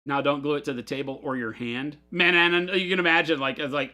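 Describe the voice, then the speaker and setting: Guy rambling on a hobby livestream, bright punchy voice, laughs a lot while he tells stories. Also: mid-range voice, a little fast. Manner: chatty, rambling storyteller who laughs often. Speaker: hobby store livestream host. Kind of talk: casual live chat while building models. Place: his office at a hobby store.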